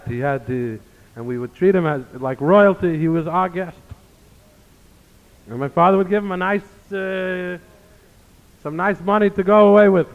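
A man giving an earnest sermon, telling stories and weaving in Hebrew phrases. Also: fairly high pitch. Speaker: rabbi giving a talk. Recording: tinny phone-like sound in a reverberant hall.

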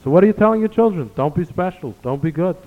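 A man's voice: high-pitched, lively intonation, fast. A man giving an earnest sermon, telling stories and weaving in Hebrew phrases. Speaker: rabbi giving a talk. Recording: tinny phone-like sound in a reverberant hall.

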